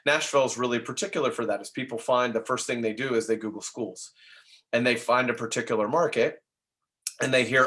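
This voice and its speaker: A man giving an energetic real estate sales training talk, tossing in tag questions and quick laughs as he goes. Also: medium pitch. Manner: energetic, acts out dialogue in quick asides.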